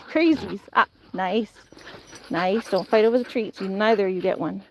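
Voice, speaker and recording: A woman's voice: mid-range voice, moderate pace, slight background noise. A woman vlogging outdoors near woods, playfully giving commands to dogs. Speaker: vlogger, dogsitter. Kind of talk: casual vlog talk to dogs.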